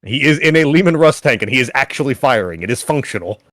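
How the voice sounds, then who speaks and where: Brief: male game master, very animated, dry close mic, casual and laughing. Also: mid-range voice, quick pace, no echo. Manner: casual, laughing, swears freely. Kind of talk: narrating a tabletop game.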